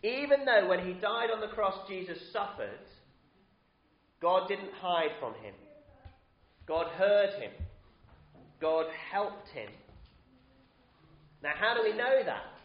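A man preaching an interactive Easter sermon in a church, lively and coaxing the congregation to call out. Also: high voice, takes it slowly, pauses often. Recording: roomy, slightly dull church recording.

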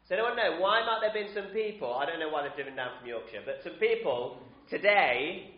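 A man preaching an interactive Easter sermon in a church, lively and coaxing the congregation to call out. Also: fairly high pitch, fairly quick. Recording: roomy, slightly dull church recording.

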